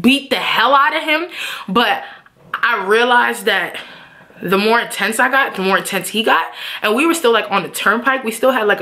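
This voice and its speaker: A young woman telling a storytime vlog, animated and cursing freely as she acts out what everyone said. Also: on the high side. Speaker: vlogger. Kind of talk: casual storytime monologue.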